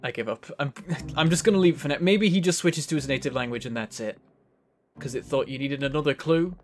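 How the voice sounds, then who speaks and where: A man's voice: on the high side, a little fast. A man giving casual gameplay commentary, thinking aloud as he works things out. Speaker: game streamer.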